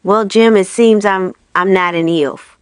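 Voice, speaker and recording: A big, naive man raised among elves speaks in an earnest, sincere way, as a woman voices him. His voice sounds smooth and close, with no room around it. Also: mid-range voice, a little slow, no echo, lightly acted. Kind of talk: storybook reading.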